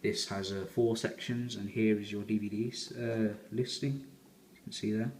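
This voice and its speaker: Low-voiced man in an echoey room. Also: fairly even intonation, moderate pace, darkish tone, slight background noise. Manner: rambling, chatty fan talk. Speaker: collector reviewing a box set. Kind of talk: casual unboxing review.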